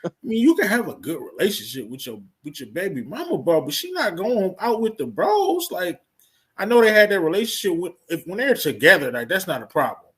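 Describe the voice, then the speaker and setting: A man with a Southern US accent chimes in on a casual episode review, his voice a little husky. He reacts in an animated, laughing way, and his pitch jumps around a lot as he talks. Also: fairly quick. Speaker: podcast co-host.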